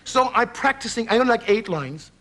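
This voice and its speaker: Animated Irish man telling a tale. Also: very high-pitched, normal speed. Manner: animated storyteller, acting out scenes, laughing through his words. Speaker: talk show guest. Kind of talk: lively anecdote on a talk show. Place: television studio with audience.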